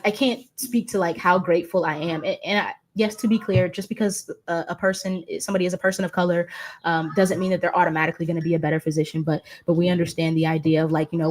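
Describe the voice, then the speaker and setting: A woman in her thirties from the United States, hosting a casual panel conversation and talking freely with many fillers and restarts. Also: lowish voice. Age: 30s. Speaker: host and patient advocate.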